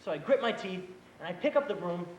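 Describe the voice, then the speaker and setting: A man's voice: high-pitched, quick pace, muffled recording. Young man playing a hot-headed teen brother. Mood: indignant storytelling. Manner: animated storytelling, mimics his boss. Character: earnest eighteen-year-old older brother, hot-headed. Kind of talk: school stage play acting. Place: school auditorium stage. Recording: echoey auditorium, faint hiss.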